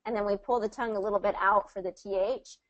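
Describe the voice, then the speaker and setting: A patient, encouraging woman coaching pronunciation over a video call. She breaks phrases into small pieces and models them slowly for her student. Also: mid-range voice, steady tone, dull audio. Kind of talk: one-on-one online pronunciation lesson.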